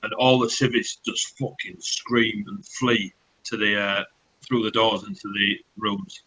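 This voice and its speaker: A man's voice: on the low side, little pitch movement, unhurried, bright, forceful tone, slight background noise, low-quality recording. A man narrating as dungeon master, loose and sweary, with many fillers. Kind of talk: narrating a tabletop game.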